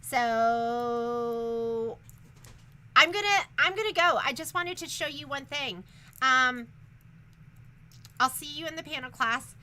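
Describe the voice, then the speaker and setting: A woman's voice: high voice, slow pace, pauses often, bright, forceful tone. A woman who teaches sewing, giving a chatty, rambling shop update in an upbeat way.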